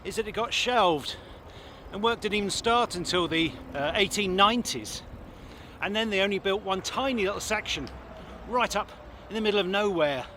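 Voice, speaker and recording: This cycling vlogger speaks at normal speed in a high, sharp voice, with faint hiss or hum in the audio. Riding roads and a tunnelled greenway, he narrates chattily for an action camera, thinking out loud with plenty of fillers.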